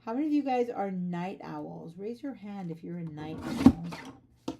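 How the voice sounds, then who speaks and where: A woman's voice: fairly low pitch, animated, a little slow, vocal fry, very noisy. A chatty, rambling woman hosting a casual livestream from her home art studio, talking to viewers while packing orders. She sounds sleepy. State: sleepy, just up. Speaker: livestream host, artist.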